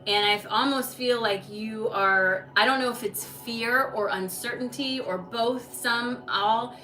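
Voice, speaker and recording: A woman's voice: a little high, slow, sharp tone, faint music behind. A woman hosting a live oracle card reading stream, chatty and reassuring, talking to viewers by name. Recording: distant mic with background noise.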